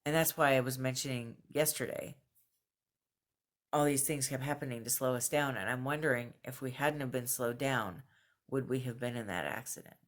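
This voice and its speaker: A woman's voice: very deep voice, moderate pace. Earnest woman vlogging at home. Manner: earnest, thoughtful, with frequent fillers and soft laughs. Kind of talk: casual video journal talk. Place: at home, just out of bed.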